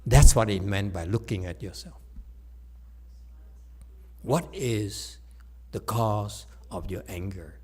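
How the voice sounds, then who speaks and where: A man giving a teasing dharma lecture in a Buddhist hall, laughing often, repeating himself, and moving from soft asides to loud emphasis. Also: fairly low pitch, slow pace, pauses often, husky.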